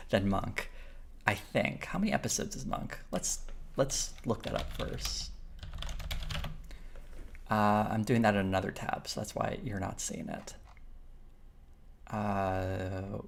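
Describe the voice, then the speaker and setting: A man's voice: lowish voice, unhurried, vocal fry, pauses often. A man hosting a live stream, chatting casually and thinking aloud as he reads viewer comments. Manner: rambling, thinks aloud, with fillers and restarts while reading chat.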